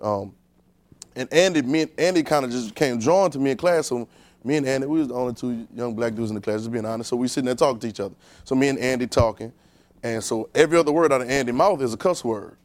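A male preacher giving a conversational sermon, talking directly to his congregation and swinging between quiet, low asides and loud emphasis. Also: lively intonation, fast, dry recording.

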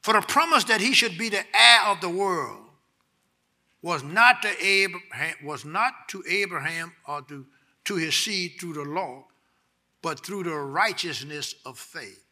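Male pastor, high bright voice, preaches call-and-response, drops low to teach and rises loud to exhort. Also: lively intonation, measured pace. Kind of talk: sermon.

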